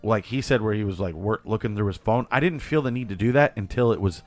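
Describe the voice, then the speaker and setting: A man's voice: lowish voice, fast talker, a little mellow, soft background music. A man in a casual movie discussion, rambling and restarting often, with exasperated asides. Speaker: podcast co-host.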